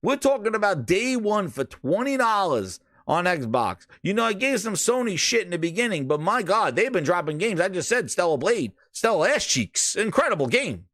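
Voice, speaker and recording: Solo male gaming host, loud mocking rants, higher voice, dry close mic. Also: moderate pace, hardly any pauses, dry recording. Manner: profane, mocking, animated. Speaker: podcast host. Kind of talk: casual gaming rant.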